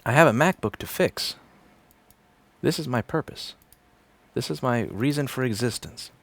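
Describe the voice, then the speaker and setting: A man's voice: medium pitch, lively intonation, moderate pace, creaky, a bit bright, no echo. A man in his thirties, a repair technician, chats casually and sardonically on a livestream, rambling and swearing freely. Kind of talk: casual livestream chat while working. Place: repair shop.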